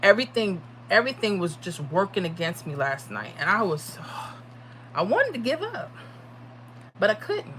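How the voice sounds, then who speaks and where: Bright-voiced tired woman streamer. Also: medium pitch, big pitch swings, normal speed, a little hiss or hum. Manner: chatty, reads out viewer comments. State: tired from little sleep. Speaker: livestream host giving lottery predictions. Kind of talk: casual livestream chat.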